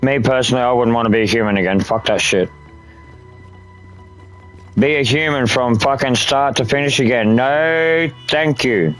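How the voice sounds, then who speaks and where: A man's voice: mid-range voice, normal speed, fairly bright tone, soft background music, poor audio. A man chatting casually while gaming, rambling and swearing a lot. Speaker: gaming streamer.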